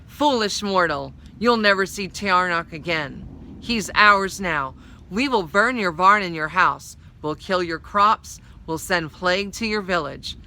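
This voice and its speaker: A woman's voice: on the low side, animated, bright, forceful tone, exaggerated voice. A woman crooning as cruel fairy folk. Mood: threatening. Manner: slow, sing-song crooning.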